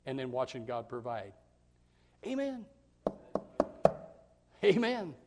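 High-voiced preacher man, loud and soft by turns. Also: sing-song, slow, pauses often, slight background noise. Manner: preachy, repeats words, swings from loud shouts to hushed asides. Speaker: pastor. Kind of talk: sermon.

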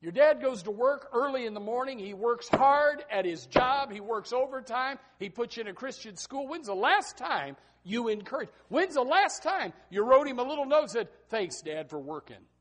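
A man preaching a sermon to students, reading scripture softly and then exhorting loudly, often repeating words as he starts a sentence. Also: very high-pitched, normal speed, few pauses. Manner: animated, swings between hushed scripture reading and loud exhortation.

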